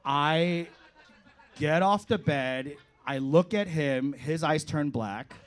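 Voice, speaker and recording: A man performing stand-up on a club stage, his voice a touch higher than most. He tells his story with animated energy, acts out his own reactions and laughs through lines into a handheld mic. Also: slow. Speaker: stand-up comedian. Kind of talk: stand-up comedy set.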